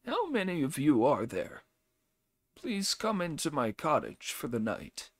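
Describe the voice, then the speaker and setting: Old farmer guy, slow and wry, as a man puts him on, dry close sound. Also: a little high, huge pitch swings, dry recording, voice pushed up, heavily acted. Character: dim-eyed timid old male farmer.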